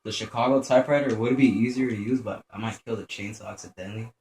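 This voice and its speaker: A young man talks through his gameplay, swearing freely and muttering to himself as he plays. His voice is mellow and dark, recorded in an echoey room with a faint hiss behind it. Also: fairly low pitch, steady tone, fast. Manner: profane, jumpy, mutters to himself. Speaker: gameplay commentator. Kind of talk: gameplay commentary.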